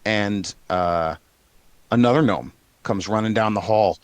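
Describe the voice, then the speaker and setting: A low-voiced man runs a tabletop game, narrating in a loose, rambling way full of ums and asides. The sound is close and dry. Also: unhurried, no room sound. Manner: relaxed and rambling, with many fillers. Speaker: game master.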